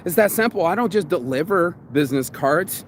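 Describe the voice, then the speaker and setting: A man in his forties delivers a pumped-up motivational rant. His voice sits high for a man and is full of swearing and slang. Faint street and car noise hangs in the background. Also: expressive, a little fast. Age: 40s. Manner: crude, pumped-up, slangy, acts out inner voices. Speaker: podcast host. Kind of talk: motivational monologue.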